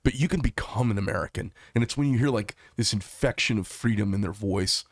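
Brief: middle-aged male host, low-pitched, opinionated and rambling, close dry sound. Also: brisk, no room sound. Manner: passionate, rambling, opinionated with laughs. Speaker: talk show host. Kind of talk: political interview.

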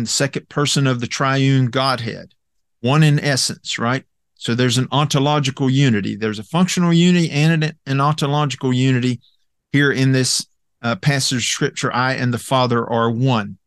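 A man teaching through a Bible passage in an earnest, emphatic way, often pausing with "uh" and checking in with "okay?". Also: mid-range voice, a bit bright, no room sound, studio quality.

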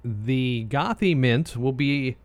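A man's voice: mid-range voice, slow, dry recording. An American man co-hosting a casual chat show, meandering easily with frequent asides. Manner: relaxed, meandering, many restarts and filler asides. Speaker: co-host.

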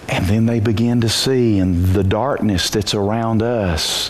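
A pastor preaching a sermon in church, telling the story with energy and moving from quiet asides to shouted peaks. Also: male voice, fairly low pitch, measured pace, hardly any pauses, a little hiss or hum.

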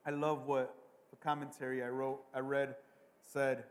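A man preaching a sermon as a pastor, swinging between hushed asides and loud, emphatic bursts, often repeating words. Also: medium pitch, little pitch movement, normal speed, in a large hall.

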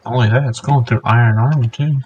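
A man's voice: medium pitch, fairly even intonation, quick pace, darkish tone, breathy edge, lo-fi sound. A man joking and teasing his friend in casual chat while they play a game together. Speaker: gamer.

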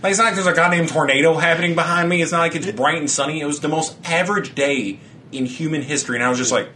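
A man in casual chat who rants with lots of swearing, laughs as he talks, and mocks other people in flat put-on voices. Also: fairly high pitch, fast talker, slight background noise. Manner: laughs often while talking.

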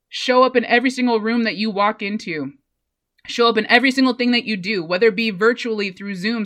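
A young woman hosts her podcast in an energetic, profane monologue. Her voice is bright and forceful, pushing hard as she hypes up the listener. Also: medium pitch. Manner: blunt, profane and fired up. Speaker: podcast host.

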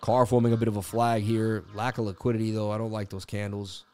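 A man's voice: lowish voice, little pitch movement, fast, a little mellow, faint music behind. A man hosting a live crypto chart stream, chatting casually and joking with viewers in slangy speech. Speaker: crypto chart analysis livestream host. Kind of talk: casual live market commentary.

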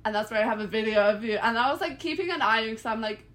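Chatty young woman with a bright pitch. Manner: relaxed storyteller, filler-heavy, quick to laugh. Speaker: podcast co-host. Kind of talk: casual chat.

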